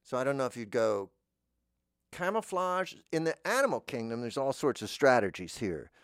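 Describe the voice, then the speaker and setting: A man hosting a podcast, musing in a meandering deadpan monologue that trails off into mumbles. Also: normal speed, smooth, no echo, studio quality. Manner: jumps into high squeaky voices for imagined speakers. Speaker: podcast host. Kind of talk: rambling comic monologue.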